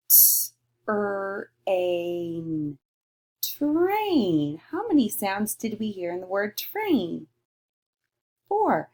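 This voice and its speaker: A woman teacher giving a recorded lesson to young children, slowly sounding out letters and praising answers. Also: fairly high pitch, dark tone, slightly rough. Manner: slow, sing-song and encouraging, sounding out letters.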